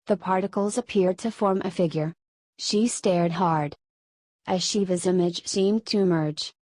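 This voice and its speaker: A woman reading an audiobook narration in a steady, even manner. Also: on the low side, no echo, rough recording. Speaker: audiobook reader. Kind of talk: scripted narration.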